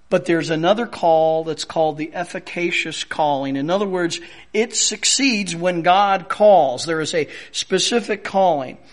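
Man, pastor, sermon, unhurried delivery, emphatic, repeats phrases for stress. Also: sits high.

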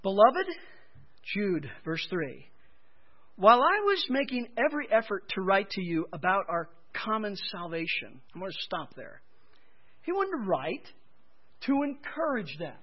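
High-voiced emphatic male pastor preaching. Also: big pitch swings, a little slow. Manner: emphatic, rising in pitch and volume for stress. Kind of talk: sermon. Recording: dull lo-fi sermon recording.

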